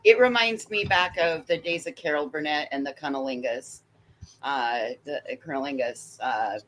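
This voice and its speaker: A woman's voice: low-pitched, moderate pace, a bit bright, slight background noise. A woman on a livestream panel, giving casual commentary with some hesitation. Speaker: panel guest.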